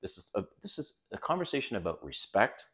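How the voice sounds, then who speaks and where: A man's voice: fairly low pitch, very animated, brisk, fairly bright tone, breathy edge. A middle-aged man hosting a dating advice video, talking bluntly and casually to camera, swearing now and then and calling his viewers guys.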